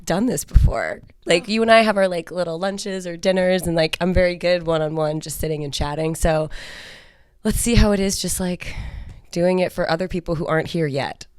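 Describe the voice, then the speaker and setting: A young woman guest tells her story in casual conversation, wry and self-deprecating. Her voice sits on the low side, and the recording is dry and close. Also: moderate pace, smooth, dry recording. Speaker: podcast guest. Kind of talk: casual interview chat.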